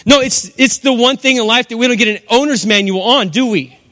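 A man's voice: very high-pitched, fairly quick, sharp tone. A middle-aged man preaching a sermon as pastor, emphatic and repetitive, with rhetorical questions. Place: church hall. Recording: long hall reverb.

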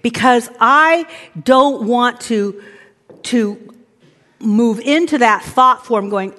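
Woman preacher, high lively voice, animated sermon, long hall reverb. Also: slow pace. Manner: animated, acts out inner voices, shouts commands. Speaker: pastor.

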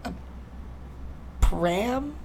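A woman's voice: on the high side, animated, very slow. A young American woman co-hosting a podcast, asking curious questions in a casual, laughing chat. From United States. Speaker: podcast co-host. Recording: faint background noise.

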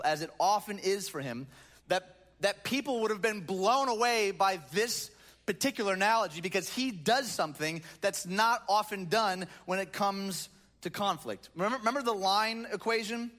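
A man's voice: sits high, fairly bright tone. A man preaching a sermon from a stage, reading scripture and breaking into conversational, joking asides. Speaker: pastor. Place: church stage.

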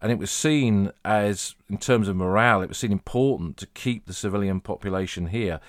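Middle-aged English man, low voice, measured anecdotal podcast narration, dry close sound. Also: no echo. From England. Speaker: podcast host, battlefield historian. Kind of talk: podcast narration, guided tour talk.

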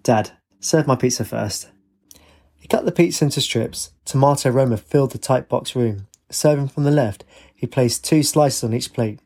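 A man reading a story aloud in a steady, even storytelling manner. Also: medium pitch, moderate pace. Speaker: narrator. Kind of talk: storybook narration.

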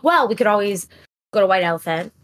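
A woman co-hosting a relaxed podcast, chatting eagerly and rambling with plenty of "like" between thoughts. Her voice sits at an ordinary middle pitch for a woman. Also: quick pace. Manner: chatty and enthusiastic, lots of "like". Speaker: podcast co-host. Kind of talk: casual chat.

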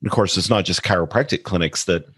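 A man with a low, husky voice hosts a casual podcast and laughs easily. The sound is dry and close, with no room around it. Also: fast, dry recording. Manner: friendly, laughs often. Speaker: podcast host.

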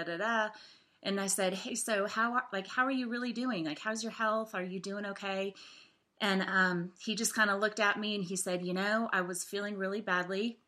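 A woman tells a heartfelt story in a casual devotional vlog, earnest and chatty, with fillers scattered through her sentences. Her voice sits a little low for a woman but sounds bright and forward. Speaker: faith vlogger.

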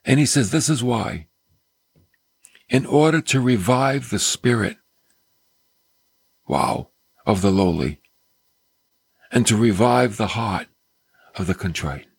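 Husky earnest male preacher. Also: on the low side, animated, takes it slowly, pauses often, dry recording. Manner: earnest, exclamatory, drops to soft near-whispers. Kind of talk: sermon.

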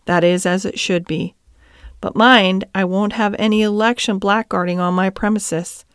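Lady reading a serious, principled cab driver dad, measured, smooth voice. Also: medium pitch, steady tone, no echo, studio quality, natural voice. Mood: earnest. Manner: earnest and measured. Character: steady, principled middle-aged cab driver and father.

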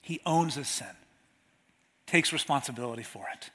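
A man preaching a sermon in a conversational way, slowing down when he reads scripture aloud. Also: medium pitch, a bit bright, long reverb tail. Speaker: pastor.

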